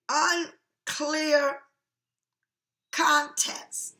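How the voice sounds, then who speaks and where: A woman's voice: high-pitched, animated, slow pace, long pauses, a bit bright, echoey room. A woman doing a casual tarot reading for viewers, chatty and frank, swearing freely and calling the listener honey. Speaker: tarot card reader.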